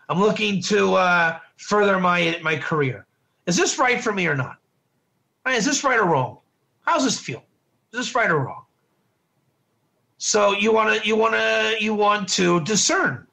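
A man's voice: high-pitched, sharp tone. A man teaching a casual Bible study class, chatty, often repeating himself and quizzing his students. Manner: chatty, repeats words and restarts, asks the class questions. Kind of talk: informal class lecture.

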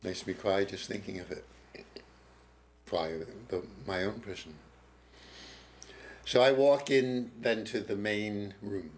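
Older man telling a slow, halting story. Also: on the low side, a little hiss or hum. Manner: slow, halting, with pauses and restarts. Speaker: interview guest, former prison teacher. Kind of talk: reflective storytelling. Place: TV studio.

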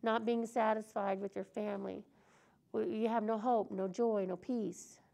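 A woman's voice: medium pitch, steady tone, measured pace, vocal fry, warm tone. A woman preaching an earnest, conversational sermon in a church service.

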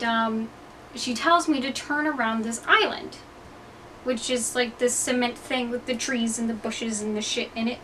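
A young woman vlogging indoors, telling stories to camera in a rambling, profane, self-mocking way. Her voice sits a little high and comes from a slight distance from the mic. A faint hiss runs underneath. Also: a bit bright. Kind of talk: casual storytelling to camera. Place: indoor room, hot.

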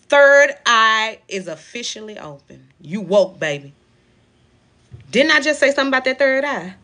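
A woman's voice: fairly high pitch, bright, forceful tone. A woman hosting a live spiritual card reading, talking emphatically and repeating her points like a preacher. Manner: emphatic, repetitive, preachy with African American Vernacular phrasing. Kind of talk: live stream tarot-style reading.

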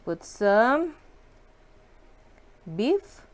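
A woman cooking at home and chatting to her viewers, giggly and excitable. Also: a little high, extremely slow. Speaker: cooking vlogger. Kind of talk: casual cooking chat to viewers. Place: home kitchen.

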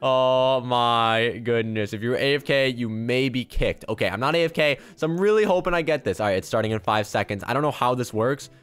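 A young man giving excited, chatty gameplay commentary, talking straight to his viewers. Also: medium pitch, fast talker, hardly any pauses. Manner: excitable, chatty, addresses viewers as guys and bro. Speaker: gaming YouTuber.

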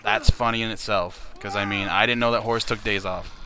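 A man's voice: on the low side, steady tone, moderate pace, background noise. A man from Canada hosting a charity livestream who talks in a crude, joking, rambling way. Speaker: livestream fundraiser host. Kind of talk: casual livestream chat.

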